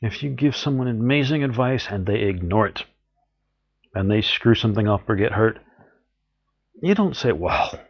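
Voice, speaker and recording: A man's voice: mid-range voice, lively intonation, normal speed, creaky, breathy edge, dull audio. A man giving an earnest, encouraging spiritual talk, often acting out what people say. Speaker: spiritual teacher.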